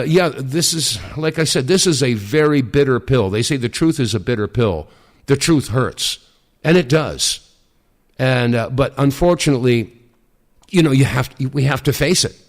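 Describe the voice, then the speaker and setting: A middle-aged man hosts talk radio into a studio mic. He speaks emphatically and deliberately in a mid-range voice, with frequent fillers. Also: medium pitch.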